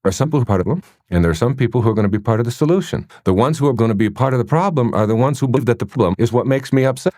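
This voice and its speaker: A man delivers a motivational lecture in a middle-pitched voice that swings widely up and down as he talks. He tells anecdotes and fires off rhetorical questions at his listeners. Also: racing, hardly any pauses. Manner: animated storytelling with rhetorical questions. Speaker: motivational speaker.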